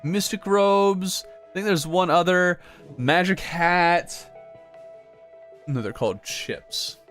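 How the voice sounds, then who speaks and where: A man's voice: sits high, slow pace, a bit bright. An American man streaming a video game and chatting casually, joking with viewers and reading their comments aloud. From United States. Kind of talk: casual gaming livestream chat. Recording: music playing underneath.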